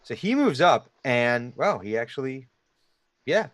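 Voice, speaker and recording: Rambling dungeon master with a dry sound. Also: male voice, medium pitch, very animated, a little slow, a bit bright, no room sound. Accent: Delaware Valley. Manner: rambling, laughing often, many restarts. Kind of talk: narrating a tabletop game.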